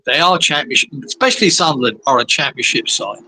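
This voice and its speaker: A man's voice: medium pitch, expressive, fast, pushed and bright, a little hiss or hum, poor audio. A man in a casual football fan chat, talking bluntly and swearing, calling others geezer. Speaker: podcast co-host.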